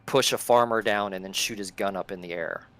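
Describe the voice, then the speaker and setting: A man's voice: fairly low pitch, fairly even intonation, brisk, fairly bright tone, clear, resonant tone, no echo. Man narrating as game master. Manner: descriptive, scene-setting narration.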